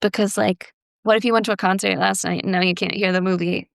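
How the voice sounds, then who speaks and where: A woman's voice: mid-range voice, steady tone, gravelly, dry recording, clean studio sound. A young woman hosting a podcast, talking earnestly with lots of fillers in casual conversation. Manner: earnest, filler-heavy, with halting phrasing. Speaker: host.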